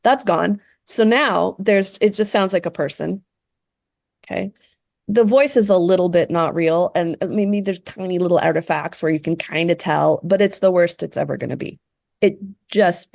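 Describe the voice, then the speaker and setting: A woman's voice: fairly low pitch, vocal fry, darkish tone, no room sound, studio quality. A woman leading a group session, talking casually with many fillers and frequent "right?" tag questions. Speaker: meditation session leader.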